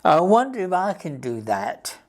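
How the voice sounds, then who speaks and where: A woman voicing an eager, naive young male rabbit in a children's storybook reading, talking brightly and excitedly. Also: lowish voice, unhurried.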